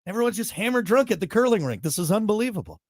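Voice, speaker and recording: A man's voice: high voice, sing-song, fast talker, no echo, clean studio sound. A man hosting a morning show, rambling and joking in casual banter, wired on caffeine. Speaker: show host.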